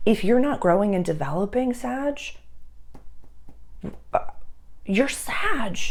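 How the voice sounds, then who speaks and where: A woman's voice: medium pitch, a little mellow. A woman giving a casual astrology reading, talking straight to her listeners in a chatty, earnest way full of fillers and restarts.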